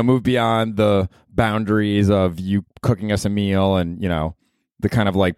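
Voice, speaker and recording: Low-ish voiced guy in his 30s rambling n swearing thru stories on his pod, dry close sound. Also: a little mellow, smooth, dry recording. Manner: rambling, profane storytelling with chuckles. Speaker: podcast host. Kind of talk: casual solo podcast monologue.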